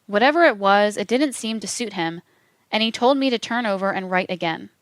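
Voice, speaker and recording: A woman narrating a true-crime account in a measured, even reading, voicing quote marks aloud. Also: medium pitch, dry recording.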